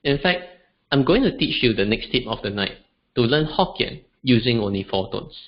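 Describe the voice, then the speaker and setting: Man, webinar teacher, animated pitch, dull lo-fi audio. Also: normal speed. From Singapore. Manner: lively, demonstrates tones aloud. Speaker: language teacher. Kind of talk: online webinar lesson.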